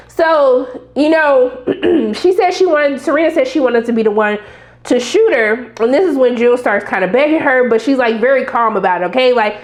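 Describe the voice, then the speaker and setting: A young woman with a high, bright-sounding voice recaps a TV episode in a loose, animated way. She is sassy and talks back to the characters as she goes. The room behind her voice is echoey. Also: normal speed. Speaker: TV recap reviewer.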